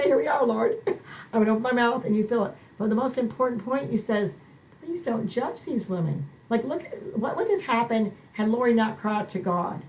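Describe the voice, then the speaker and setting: A middle-aged woman hosting a Christian ministry podcast, talking emotionally in a preacher-like way that swings high for emphasis. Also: darkish tone, a little hiss or hum, low-quality recording. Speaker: podcast host.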